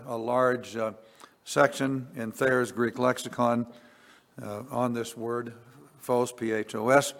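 A man preaching a sermon, reading scripture slowly and deliberately, rising on key words and dropping quiet on asides. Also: medium pitch, creaky. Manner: slow, deliberate, swells on scripture then drops quiet. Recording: long reverb.

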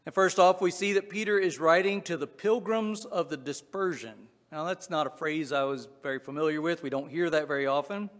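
Southwest Virginia man, fairly high voice, casual preaching style, reverberant hall. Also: brisk, hardly any pauses, a bit bright. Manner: folksy, conversational with frequent uh and restarts. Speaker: pastor. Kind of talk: sermon.

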